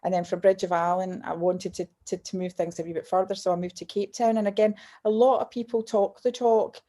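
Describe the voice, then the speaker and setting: Woman, fifties, Scottish accent, mellow warm voice, lively self-interrupting storyteller, casual interview chat. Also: mid-range voice, brisk. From Scotland. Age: 50s. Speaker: guest, business mentor and author.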